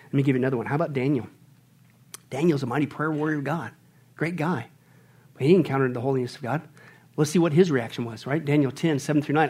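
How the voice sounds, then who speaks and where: A man preaching a sermon as a pastor, swinging between loud outbursts and hushed, whispered lines. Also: medium pitch, fast, breathy edge.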